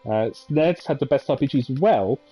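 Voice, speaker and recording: A man who hosts a gaming channel chats casually, reminiscing about gameplay in a rambling, nostalgic way full of fillers and asides. His mid-range voice is expressive and moderately paced, though the audio sounds dull and faint music plays behind him.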